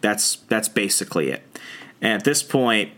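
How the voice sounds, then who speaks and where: A man's voice: on the low side, sing-song, sharp tone. A young man on a podcast, recapping a comic book in casual chat and acting out the characters' lines. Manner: retells scenes, acting out lines in quick voices. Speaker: podcast co-host.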